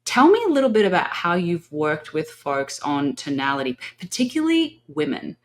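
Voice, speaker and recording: A woman's voice: lowish voice, sing-song, normal speed. A woman hosting a podcast interview, asking questions enthusiastically with frequent fillers. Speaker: podcast host.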